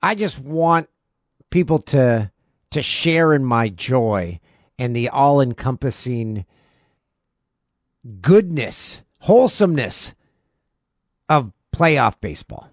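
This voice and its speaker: A man's voice: medium pitch, very animated, slow pace, long pauses, no echo, clean studio sound. A man hosting a sports podcast, talking with effusive enthusiasm. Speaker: podcast host. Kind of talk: casual sports chat.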